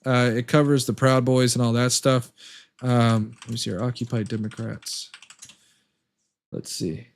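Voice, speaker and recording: A man's voice: mid-range voice, level tone, unhurried, vocal fry, long pauses. A man hosting a casual livestream talk show, rambling and hesitant with many fillers.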